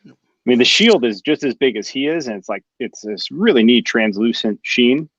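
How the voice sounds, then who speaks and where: A man's voice: mid-range voice, lively intonation, moderate pace, a bit bright, no echo, dull audio. A man hosting a live show in casual chat, enthusiastic and reading out viewer comments. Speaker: host of a live collectors' show.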